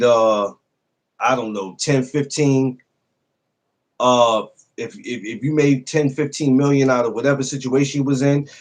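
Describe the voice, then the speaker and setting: A man hosting a casual podcast livestream, greeting viewers by name and talking loosely, with profanity and frequent laughs. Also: mid-range voice. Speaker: podcast host greeting live chat.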